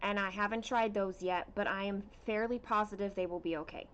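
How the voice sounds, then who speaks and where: A woman hosting a casual cross-stitch livestream at home, chatting with viewers and reading out their comments in an unhurried way with plenty of fillers. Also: medium pitch, steady tone, a bit bright, lo-fi sound, slight background noise.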